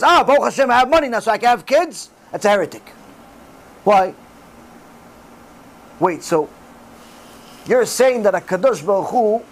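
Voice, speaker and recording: Man, very high voice, lively swooping pitch, sermon, animated storytelling. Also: poor audio. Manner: animated storytelling with acted dialogue, Hebrew religious terms. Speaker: rabbi giving a Torah class.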